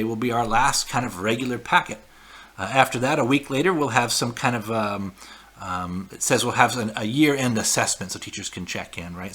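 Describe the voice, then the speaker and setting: A man's voice: mid-range voice, bright, forceful tone, slightly rough. A man teaching a class remotely, walking students through a weekly packet in a casual, explaining way with frequent fillers and check-ins. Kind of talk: recorded lesson walkthrough.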